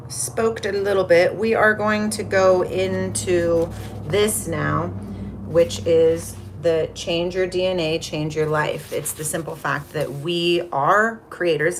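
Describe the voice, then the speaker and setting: Low-voiced chatty woman livestreaming. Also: a little hiss or hum. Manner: chatty, rambling, greets viewers from the chat. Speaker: livestream host. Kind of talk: casual spiritual livestream chat.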